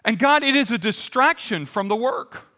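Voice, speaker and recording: A man's voice: very high voice, brisk, sharp tone, pitched above the performer's own voice, heavily acted. A man preacher acting out a man pleading earnestly with God, voice raised. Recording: long hall reverb.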